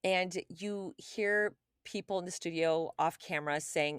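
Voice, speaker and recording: Animated, profane woman podcast host. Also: lowish voice, a little slow, few pauses, clear, resonant tone, no echo, clean studio sound. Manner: animated, profane, lots of "like", acts out quoted people. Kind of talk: casual chat, storytelling a true case.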